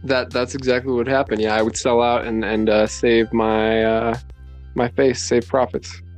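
A man's voice: mid-range voice, flat delivery, moderate pace, soft background music. A man co-hosting a podcast in easygoing casual chat, often laughing along. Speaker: podcast co-host.

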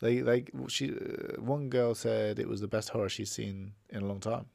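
A man hosting a film review podcast, speaking in a measured, hesitant way with many restarts. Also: fairly low pitch, steady tone, vocal fry, darkish tone, dry recording. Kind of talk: casual chat.

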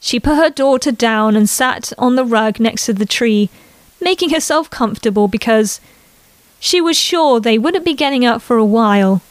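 A woman narrating a family story in an unhurried reading voice. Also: on the high side, animated, no echo.

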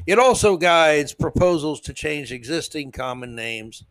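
A man hosting a podcast, ranting in a sarcastic, mock-outraged comedic monologue. His voice sits a little high and he mocks freely. The sound is dry and close-miked with no room echo. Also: animated, unhurried, fairly bright tone. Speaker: podcast host.

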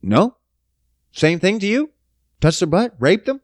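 A man's voice: high-pitched, big pitch swings, unhurried, no room sound, clean studio sound. A man ranting casually, profane, sarcastic and rambling. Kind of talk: casual rant.

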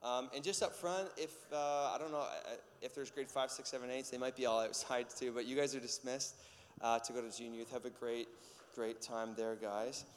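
A man preaching a casual sermon as pastor, an animated storyteller with many fillers and acted-out voices. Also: medium pitch, moderate pace. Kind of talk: casual sermon with personal stories. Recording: long hall reverb.

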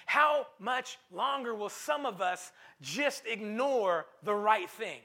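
High, gravelly-voiced preaching man. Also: expressive, takes it slowly, pushed and bright. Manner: emphatic, repeats phrases for stress; calls to the congregation. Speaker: pastor. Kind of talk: sermon.

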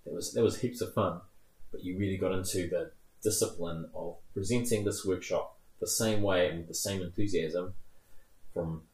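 Low in pitch and moving at normal speed, this thirty-something New Zealander appears as a guest, chatting casually. He rambles through anecdotes with animation and laughs along the way, and the recording carries a roomy echo.

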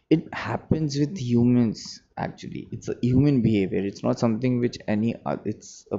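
Sleepy man with a gravelly voice. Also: lowish voice, mellow. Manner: reflective, rambling, self-correcting. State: sleepy, yawning. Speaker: music producer vlogging. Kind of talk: casual thinking-aloud monologue. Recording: dull lo-fi recording, faint background hum.

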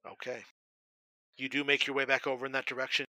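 Bright-voiced male game master. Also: mid-range voice, no room sound, low-quality recording. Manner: steady, descriptive narration with brisk rule calls. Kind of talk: narrating a tabletop game.

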